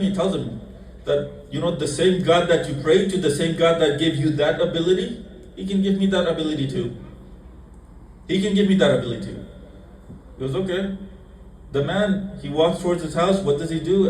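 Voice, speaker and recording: A man delivers a storytelling sermon with a fairly high voice, breaking his tale into short phrases and softening when he speaks for the characters. He sounds a little distant from the mic in a roomy, echoing hall. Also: a little hiss or hum. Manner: tells a story in short broken phrases, acting out quotes softly. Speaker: preacher. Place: mosque hall.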